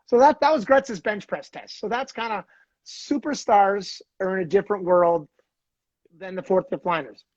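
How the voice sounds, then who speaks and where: A man from Canada hosting a casual podcast, telling an animated hockey story and acting out the people in it. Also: high-pitched, normal speed, no room sound, dull audio. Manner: animated storyteller, acts out quoted voices. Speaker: podcast host, former hockey player.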